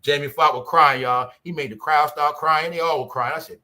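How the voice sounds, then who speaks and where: In a fairly quick, casual livestream rant, a guy with a sharp, bright voice swings from shouting to low mutters. He hosts a commentary channel and keeps peppering the audience with rhetorical questions, repeating "y'all" and "huh" as he goes.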